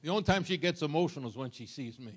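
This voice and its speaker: A man's voice: on the high side, rapid-fire, husky. An older man preaching a sermon, telling stories with humor and sudden jumps in volume. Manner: animated, storytelling with humor and sudden shifts of volume.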